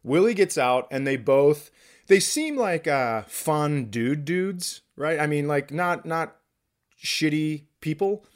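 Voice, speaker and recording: A man's voice: fairly high pitch, lively intonation, slow. A man, a comedian and podcast host, telling a story in casual chat with self-mocking humor.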